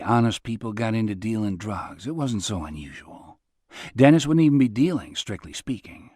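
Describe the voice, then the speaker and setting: A man's voice: mid-range voice, a little mellow, dry recording, clean studio sound. A man narrating an audiobook in a laid-back, understated way. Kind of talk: scripted narration.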